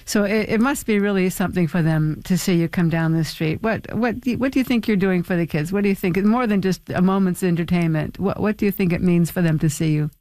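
An unhurried radio interviewer asking light, amused questions in a middle pitch. The sound is dry. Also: a little mellow, no room sound.

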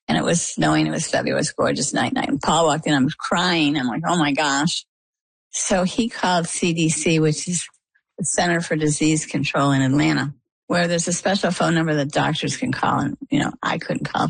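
A woman's voice: low voice, gravelly, slightly rough, no echo, low-quality recording. A middle-aged woman from Maine being interviewed, telling a personal story and acting out what people said to her. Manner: animated storyteller, acts out quoted dialogue. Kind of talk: conversational storytelling.

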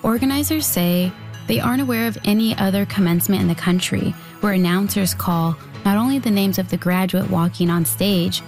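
A woman reporter reading a news feature as scripted narration, in a measured, even delivery. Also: medium pitch, soft background music.

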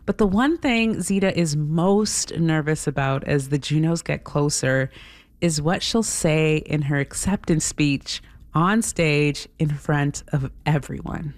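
A woman's voice: low voice, slow, no room sound. A woman radio host who interviews a guest and narrates the segment, listening attentively.

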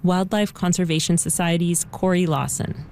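A woman reporter reads her script in a lowish voice. Her delivery is measured and clear, with an even storytelling pace. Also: slight background noise. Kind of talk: scripted narration.

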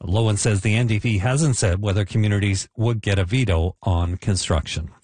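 A man reading the news and a regional weather forecast on the radio with a crisp, steady delivery. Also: fairly low pitch, moderate pace, dry recording. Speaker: newsreader.

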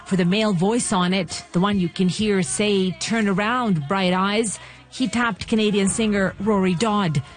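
A woman's voice: medium pitch, fairly even intonation, moderate pace, soft background music. A woman reporter narrating a scripted radio news feature in a polished, storytelling delivery.

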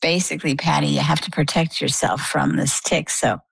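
A woman with a heavily gravelly, creaky voice tells her own story in a relaxed interview. She talks animatedly and slips into quoted dialogue. The sound is dry and close. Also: low voice, normal speed, no echo, poor audio. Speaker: guest sharing a personal health story. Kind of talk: conversational interview answers.

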